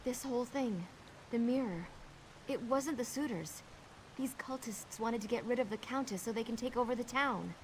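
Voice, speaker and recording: A woman's voice: on the high side, normal speed, slight background noise, natural voice. An actress playing a frightened young woman servant held captive in a video game, urgent and pleading.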